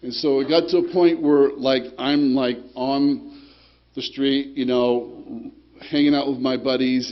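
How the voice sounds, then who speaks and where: A man's voice: mid-range voice, lo-fi sound. A man giving a rambling, streetwise personal testimony at a recovery group meeting, swearing and often asking "you know, right?". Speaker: speaker sharing his recovery story.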